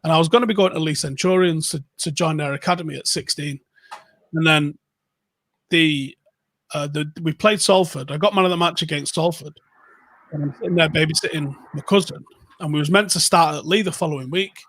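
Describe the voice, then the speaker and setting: A man spins long, swear-laden anecdotes on a podcast. He acts out the people in his stories as he goes. His voice sits a little high and sounds dry and close. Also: brisk, a bit bright, dry recording. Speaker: podcast co-host. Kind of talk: casual storytelling chat.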